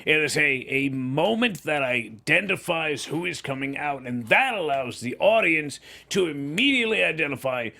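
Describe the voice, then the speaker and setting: Lively gravelly-voiced man co-hosting. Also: a little high, normal speed. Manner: animated, explanatory, jokey. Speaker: co-host and wrestler. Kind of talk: casual recap chat.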